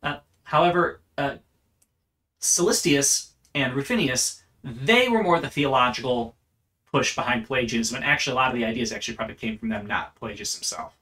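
Bright-voiced man giving a lecture. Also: medium pitch, fairly quick. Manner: earnest, explanatory, with frequent restarts. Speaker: church history teacher. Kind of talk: unscripted lecture.

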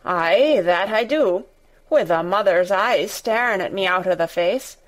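A woman voicing a tactless old male gardener with a Yorkshire dialect and a shaky, hoarse, quavering voice. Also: medium pitch, expressive, close to an everyday voice. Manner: slow, quavering.

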